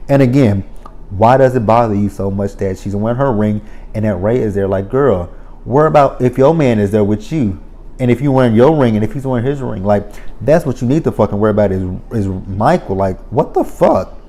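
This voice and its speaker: A man's voice: lowish voice, brisk, mellow. A man giving a casual spoken recap of a reality show, blunt and profane, ranting with exasperation.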